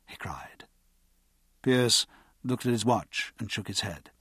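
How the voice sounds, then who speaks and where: A man reading an audiobook chapter in a measured, expressive storytelling manner. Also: lowish voice, husky, no room sound, clean studio sound. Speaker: audiobook narrator. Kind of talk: scripted narration.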